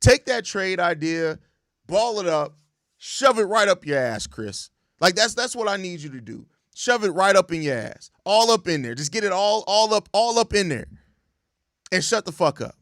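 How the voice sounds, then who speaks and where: A man's voice: sits high, big pitch swings, moderate pace, fairly bright tone, no room sound, studio quality. A young man hosting a sports show, ranting in exasperated, profane casual commentary and repeating himself. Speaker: sports podcast host.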